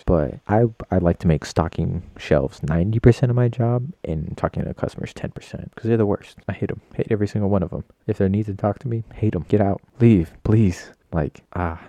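A man's voice: deep voice, gravelly, dark tone, dry recording. A young man hosting a solo podcast, rambling in profane, self-mocking chatter. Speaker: podcast host.

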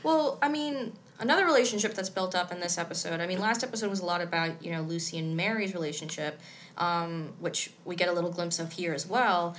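A woman's voice: lowish voice, fairly quick, fairly bright tone, slight background noise. A woman co-hosting a podcast, recapping an episode in easygoing, rambling chat. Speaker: podcast co-host.

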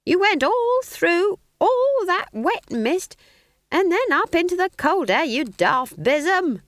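A woman voicing an earthy, blunt, bawdy old witch who yells loudly. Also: extremely high pitch, big pitch swings, slow pace, no echo, pitched above the performer's own voice, full character voice. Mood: shouting.

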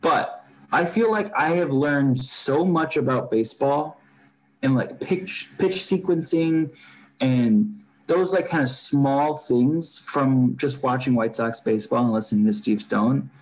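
A man's voice: mid-range voice, measured pace, low-quality recording. A man co-hosting a podcast, chatting casually about baseball in a rambling, filler-heavy way. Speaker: podcast co-host. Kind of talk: casual sports chat.

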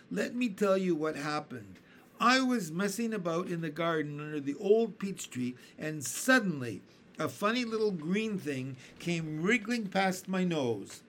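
A man's voice: fairly high pitch, very animated, takes it slowly, slight background noise, voice pushed up. A man reading a boastful cheeky giant centipede. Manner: boastful, teasing. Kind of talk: children's storybook reading.

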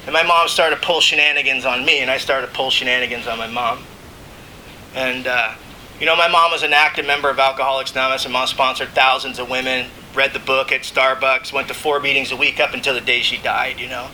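A man's voice: mid-range voice, steady tone, fairly quick, bright, forceful tone, slight background noise, low-quality recording. A man telling his recovery story to a recovery meeting, casual and emotional, often saying "you know what I mean" and laughing between lines. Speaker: recovering alcoholic speaker. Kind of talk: AA share, speaking to a meeting.

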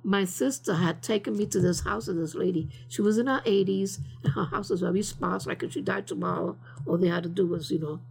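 A woman's voice: medium pitch, creaky, darkish tone. An older woman being interviewed, telling stories casually in a rambling way, full of fillers and slipping into Spanish phrases. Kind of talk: casual storytelling.

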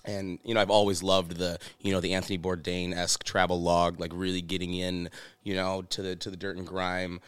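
A man's voice: deep voice, flat delivery, brisk, a bit bright, clean tone, dry recording. A man, a chef guest on a podcast, chatting casually and telling stories with many restarts and "you know"s. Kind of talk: casual interview chat.

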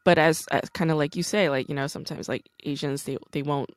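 A woman's voice: deep voice, fairly quick, dry recording. A woman hosting a casual conversation, telling stories candidly and animatedly with lots of "like". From United States. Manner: candid, animated storytelling with frequent "like".

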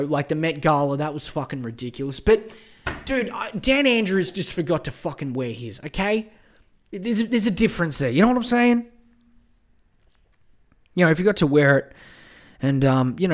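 Male podcast host, slightly high voice, rambling, swearing, exasperated rant. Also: moderate pace. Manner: profane, exasperated, rambling with many fillers. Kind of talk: casual rant.

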